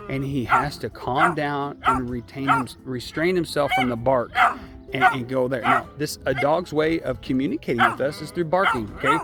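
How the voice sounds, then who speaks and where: Man explaining puppy training, "okay?". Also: medium pitch. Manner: explains step by step, often adding a checking "okay?". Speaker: dog trainer. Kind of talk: casual filmed training demonstration. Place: outdoors by a puppy pen.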